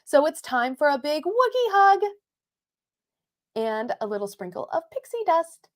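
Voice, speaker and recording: A woman co-hosting a live podcast, talking in a bubbly, giggly way with lots of "like" fillers. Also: medium pitch. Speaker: podcast co-host. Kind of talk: casual live podcast chat. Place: home recording setup in Long Beach, California. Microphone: new podcast microphones.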